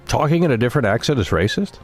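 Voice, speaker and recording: A man's voice: medium pitch, expressive, fast talker, breathy edge, faint music behind. A young man ranting at his live-stream chat, swearing often and repeating himself. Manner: ranting, profane, repetitive.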